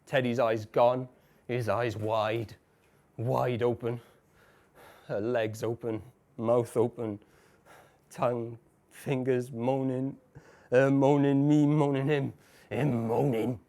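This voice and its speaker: An actor in a live stage monologue playing a tormented man who caught his wife cheating. He stammers, repeats broken phrases, and swings between hushed murmurs and shouts. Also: mid-range voice, flat delivery, slow pace, pauses often. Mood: haunted. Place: café bar stage before a live audience.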